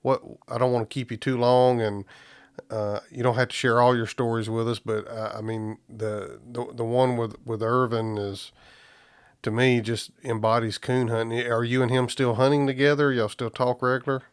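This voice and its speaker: A man's voice: mid-range voice, flat delivery, normal speed, smooth, no room sound, clean studio sound. A man hosting a podcast interview, easygoing and often repeating words as he thinks. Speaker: podcast host. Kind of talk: casual interview.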